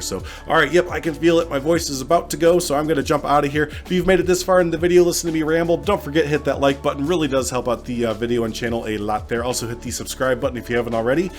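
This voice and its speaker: Stuffed-up man rambling over game footage. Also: mid-range voice. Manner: rambling, many ums and uhs. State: stuffed up from a cold. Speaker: gaming channel host. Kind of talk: casual gameplay commentary. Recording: faint music behind the voice.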